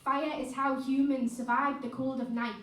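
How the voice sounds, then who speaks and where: A woman's voice: high voice, flat delivery, normal speed. A woman poet performing spoken word live on stage, with an impassioned, rhythmic delivery and chatty asides between poems. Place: live music venue stage. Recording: echoey room, mic at a distance.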